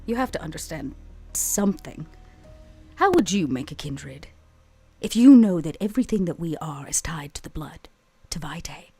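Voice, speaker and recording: A woman playing a blunt, teasing female vampire mentor in a tabletop role-play, speaking deadpan. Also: low-pitched, moderate pace, slightly rough, soft background music, heavily acted. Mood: patient.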